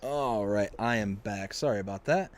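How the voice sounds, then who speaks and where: A man with a lowish voice live-streams a farming game from his home office, talking at a normal speed. His casual chat rambles and jokes along, punctuated by frequent chuckles.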